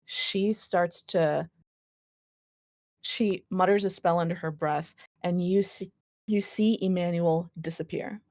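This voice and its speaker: A woman runs a tabletop game as its game master, her voice sitting on the low side. The sound is dry and close. She narrates casually and breaks off for quick asides. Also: steady tone, a little mellow, no echo. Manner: casual, laughing, apologetic asides.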